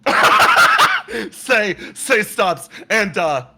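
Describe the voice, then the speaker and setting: Animated, high-voiced man game master. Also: extremely slow, vocal fry, breathy edge. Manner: animated, laughing narration. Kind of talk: narrating a tabletop game.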